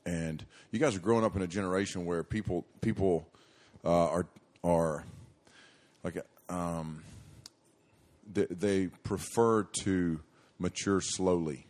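A man's voice: sits low, steady tone, takes it slowly, darkish tone. A middle-aged man preaching to young people, telling a story in a folksy, rambling way with many restarts and fillers.

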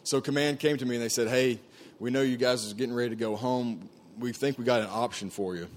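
A man's voice: mid-range voice, fairly even intonation, fast, a little hiss or hum. A man telling his personal testimony to a group in an earnest, conversational way, with frequent fillers and restarts. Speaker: camp staff speaker sharing his testimony.

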